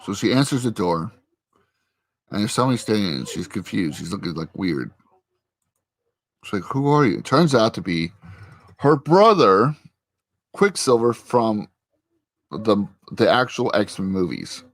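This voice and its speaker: A man with a fairly low voice talks loosely through a scene-by-scene recap, drifting in and out of the characters' lines. The sound is close and dry, with little room around it. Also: very animated, unhurried, pauses often, no echo. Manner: rambling retelling, slipping into characters' lines. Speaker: host. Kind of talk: casual show recap chat.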